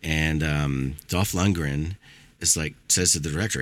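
A man's voice: a bass voice, measured pace, fairly bright tone, dry recording. A middle-aged man hosting a casual movie chat, telling a story with a lot of swearing and acting out quotes.

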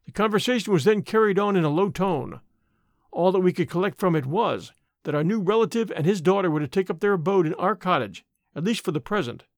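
High, animated male storyteller. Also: fairly quick, no echo, clean studio sound. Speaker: narrator. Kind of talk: audiobook narration.

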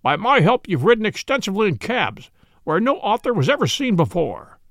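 A man's voice: high-pitched, big pitch swings, brisk, a bit bright, no room sound, clean studio sound, heavily acted. A man reading aloud, voicing a proud, haughty male detective in a lofty, theatrical manner. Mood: fierce scorn.

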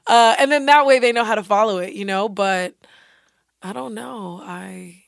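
A young woman chatting casually, blunt and animated, swearing freely and acting out quotes. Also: medium pitch, moderate pace, creaky, no room sound, clean studio sound. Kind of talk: casual chat.

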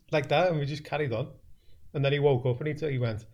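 A man's voice: medium pitch, a little fast, darkish tone. Young scouse guy rambling through stories, laughs a lot, casual podcast chat. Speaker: podcast host.

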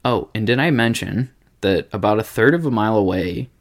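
A Midwestern American man with a low, gravelly voice co-hosts a casual podcast. He reads a listener's story aloud and keeps breaking off to joke around and swear. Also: animated, brisk. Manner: joking, swears freely.

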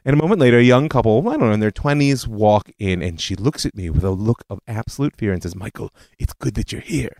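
A man's voice: lowish voice, expressive, fast talker, hardly any pauses, a little mellow, dry recording. A man hosting a history podcast, telling it as a story with conversational asides. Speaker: podcast host. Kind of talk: scripted history narration.

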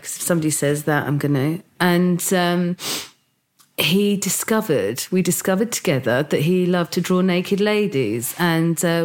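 Woman, a little low-voiced, halting interview guest on the edge of tears, lots of restarts. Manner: halting, tearful, many restarts and fillers. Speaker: podcast guest, founder of an arts organisation. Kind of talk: emotional interview talk.

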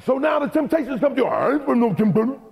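A preacher with a gravelly voice swings his pitch widely as he rises to shouted, rhythmic declarations. His sermon rings out with a long hall reverb. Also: sing-song, quick pace.

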